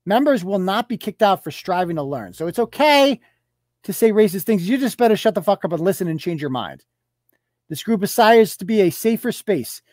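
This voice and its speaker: A man's voice: high voice, sing-song, brisk, darkish tone, no echo, studio quality. A man hosting a live show, ranting with profanity and sarcasm and firing off mocking rhetorical questions while reading rules aloud.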